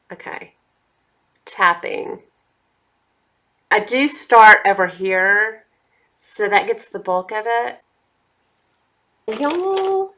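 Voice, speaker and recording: Addressing her audience as y'all, a chatty beauty vlogger walks through a makeup tutorial in a casual, direct way. Her mid-range voice sounds pushed and bright, with a little hiss or hum in the recording.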